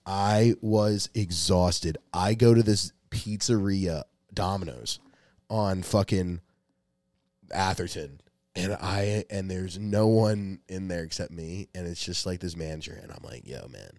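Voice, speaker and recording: Young guy, low voice, dry studio sound, rambling, swears constantly, casual storyteller. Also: moderate pace, darkish tone, no echo. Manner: rambling, profane, restarts often. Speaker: podcast co-host.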